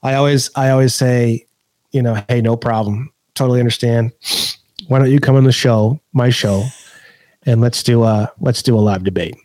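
Profane, animated man on a podcast. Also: mid-range voice, normal speed, no echo. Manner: profane, laughing, animated storyteller. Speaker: podcast guest. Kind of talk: casual podcast conversation.

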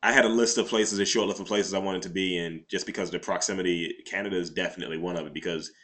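A man's voice: sits low, fairly even intonation, racing, a bit bright. A man co-hosting a podcast, chatting casually in crude, profane banter. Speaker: podcast co-host. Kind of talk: casual chat.

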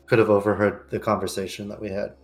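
A man playing a tabletop game, speaking haltingly and repeating words. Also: fairly low pitch, flat delivery. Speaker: player. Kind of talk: casual chat.

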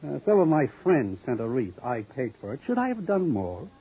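An actor playing a suave, sardonic gangster boss in a 1950s radio drama, with a silky, languid, ironic drawl. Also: male voice, medium pitch, big pitch swings, moderate pace, slightly rough. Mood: silky mocking. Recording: dull old radio broadcast recording.

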